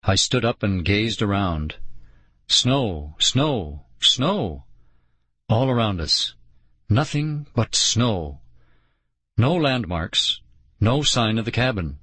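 Male audiobook narrator, unhurried and expressive, dry close-miked read. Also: fairly low pitch, husky, no echo. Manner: measured, expressive storytelling. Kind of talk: first-person audiobook narration.

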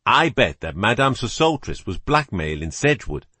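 A man's voice: on the low side, big pitch swings, normal speed, sharp tone, husky, dry recording, heavily acted. Casting: blunt, plain-spoken investigator, everyday man's voice, played by the narrator. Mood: earnest.

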